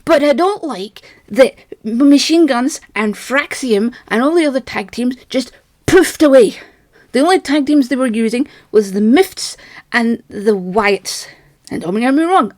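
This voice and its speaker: A woman's voice: on the high side, lively intonation, a little slow, a little mellow, no room sound, studio quality. A woman ranting in an agitated, rambling, self-mocking monologue, a little out of breath. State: slightly out of breath. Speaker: vlogger.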